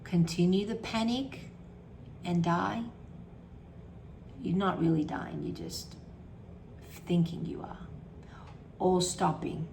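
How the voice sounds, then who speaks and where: A woman's voice: fairly low pitch, takes it slowly, gravelly, pauses often, a little mellow, slight background noise. A woman talking casually to camera as a wellness coach, emphatic and repetitive, acting out her own anxious thoughts.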